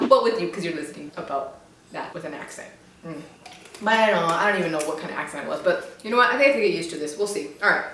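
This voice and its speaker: A woman's voice: medium pitch, a bit bright, recorded from a distance, a little hiss or hum. A young woman chatting casually in a rambling, self-mocking way while reviewing drinks. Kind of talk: casual chat. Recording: very echoey room, away from the mic.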